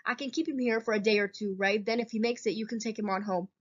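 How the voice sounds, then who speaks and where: A woman's voice: mid-range voice, fairly even intonation, quick pace, lightly acted. Woman reading as a kindly country doctor. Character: rural country doctor, older man, kindly. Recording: dull lo-fi recording.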